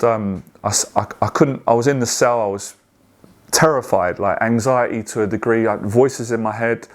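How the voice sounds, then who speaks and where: A man, giving an earnest personal testimony in a halting way, with many restarts and repeated words. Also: medium pitch. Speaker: guest sharing a testimony.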